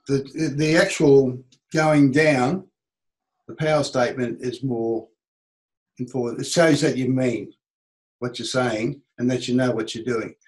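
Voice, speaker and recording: A man's voice: mid-range voice, a little slow, low-quality recording. Australian man coaching a sales seminar. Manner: animated, acts out quoted speech. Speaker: business coach. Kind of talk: seminar teaching.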